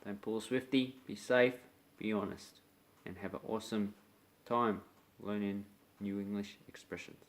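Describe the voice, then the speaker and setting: A man's voice: lowish voice, steady tone, moderate pace. An Australian man casually explaining a slang expression to viewers and acting out little scenes. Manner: chatty, uses local slang, acts out little scenes. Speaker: slang teacher. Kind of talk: casual lesson to camera.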